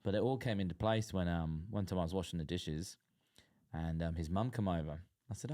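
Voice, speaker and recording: A man's voice: low voice, fast, a little mellow. A man telling rambling anecdotes about old housemates in a casual podcast chat, with fillers and laughs along the way. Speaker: guest.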